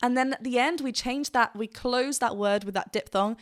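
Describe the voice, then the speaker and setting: Woman vocal coach, higher voice, eager teacher giving a song reaction. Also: a little fast, few pauses. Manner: enthusiastic, explanatory, laughs often.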